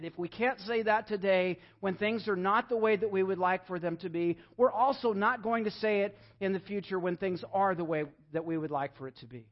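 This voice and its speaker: A young man with a notably high voice delivers a church sermon, earnest and pleading, dropping to quiet intimacy at times. The recording sounds dull and lo-fi, like a plain church capture. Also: moderate pace, few pauses. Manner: earnest, rising to emphatic pleading then dropping soft. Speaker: pastor. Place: church sanctuary.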